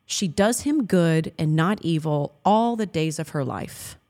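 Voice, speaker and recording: A woman in her thirties speaks with earnest, affectionate warmth about faith and marriage, often breaking into a laugh. Her voice sits a little on the low side. She reads scripture aloud in a heartfelt conversational way. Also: animated, measured pace. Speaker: co-host of a Christian marriage talk. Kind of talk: heartfelt faith-based chat.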